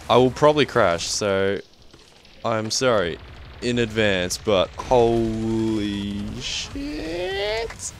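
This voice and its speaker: A young Australian man commenting live on a game he is playing, excitable and swearing often. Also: fairly low pitch, a little hiss or hum. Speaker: gaming commentator.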